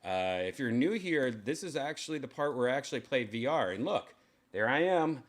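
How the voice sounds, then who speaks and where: A man's voice: mid-range voice, lively intonation, normal speed. A man livestreaming casual chat to his viewers, loose and rambling, swearing casually as he tests gear. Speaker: vlogger testing a VR headset mic.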